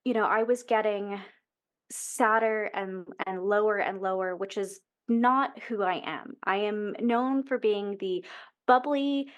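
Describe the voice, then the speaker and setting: A woman's voice: mid-range voice, unhurried, clear, resonant tone. A woman in her thirties, a podcast guest, candidly telling a personal story in an earnest, emotional way, often restarting her sentences. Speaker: interview guest.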